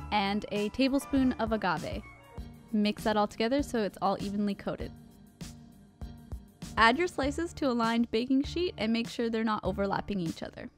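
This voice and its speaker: A young woman co-hosting a cooking channel, reading recipe steps and tasting food with enthusiasm. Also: fairly high pitch. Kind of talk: recipe narration and casual chat.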